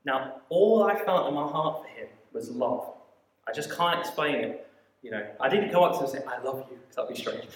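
A man preaching a sermon, telling a story in an animated way with quick asides and acted-out quoted voices. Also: mid-range voice. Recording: echoey hall, mic at a distance.

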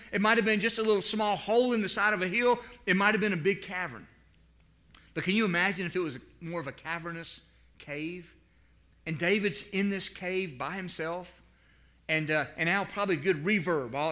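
A male pastor delivering a sermon in a high, bright, forceful voice. He moves from loud, pleading outbursts to hushed asides. He repeats words as he builds toward a point. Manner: preaching with big swings from loud pleading to quiet asides.

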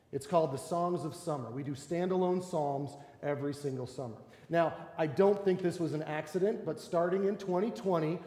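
A male pastor preaching a sermon in a church, acting out quoted voices with animated delivery. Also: a little high. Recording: echoey church hall.

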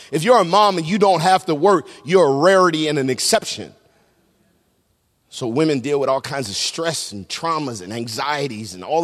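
A middle-aged man preaching a sermon as pastor, swinging between loud shouts and hushed low tones. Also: big-room sound. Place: large church sanctuary.

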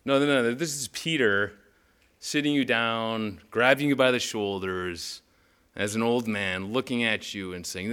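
A man's voice: mid-range voice, a little slow, fairly bright tone, clean tone. A man teaching as a pastor in a casual devotional style, conversational with urgent emphatic bursts when he reads Scripture.

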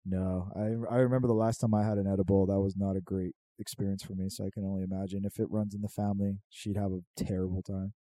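Young man, casual storytelling, mellow voice, dry close sound, lots of swearing and laughs. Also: deep voice, fast talker, few pauses, no room sound. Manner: animated, profane, laughing storyteller.

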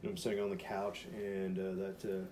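A podcast co-host with a low-pitched voice talks fast over slight background noise, telling a story in casual chat. He rambles animatedly with heavy use of "like" and swearing, acting out the voices in the quotes he retells.

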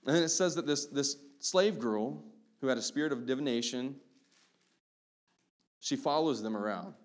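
Man, pastor, casual sermon, keeps asking "right?", mid-pitched voice. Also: moderate pace. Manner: conversational preaching with frequent "right?" asides.

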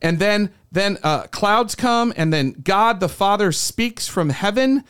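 Speaking slowly in a high, expressive voice, a podcast host makes self-deprecating jokes during a casual studio chat. His tone is a bit bright, clear and resonant.

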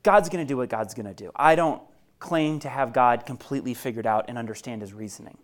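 A man delivers a sermon in a mid-range voice. His delivery is expressive and chatty, and he drops from forceful emphasis to a soft, hushed near-whisper to make a point. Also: medium pitch, fast. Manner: conversational asides to listeners. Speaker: pastor.

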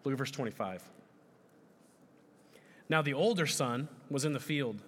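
A man in his thirties preaching a sermon, animated and often putting questions to the audience. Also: medium pitch, a little slow, long reverb tail. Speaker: pastor.

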